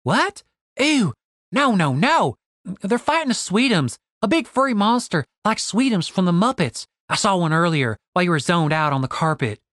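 A man playing a cocky, quick-witted young woman warrior who teases her companions, in a fantasy audiobook. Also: lowish voice, animated, no room sound, clean studio sound, natural voice. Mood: disgusted. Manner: bold, quick-witted, teasing.

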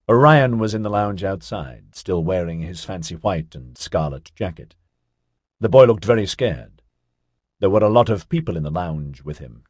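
A man narrating a novel in a steady, wry storytelling manner. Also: low-pitched, breathy edge, no echo, clean studio sound. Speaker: audiobook narrator. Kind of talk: scripted narration.

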